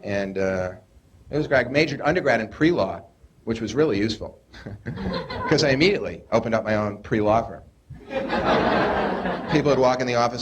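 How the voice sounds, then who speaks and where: A man's voice: medium pitch, animated, fairly quick, long pauses. A young adult man doing a stand-up routine on a club stage, neurotic and self-deprecating, with whiny voices for the characters he puts on. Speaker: stand-up comedian. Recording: noisy 1980s live club tape.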